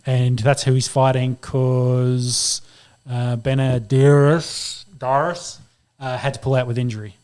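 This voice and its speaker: An Australian man co-hosting a sports podcast, talking in a relaxed, somewhat hesitant way. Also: medium pitch, measured pace, smooth. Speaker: podcast co-host. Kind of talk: casual chat.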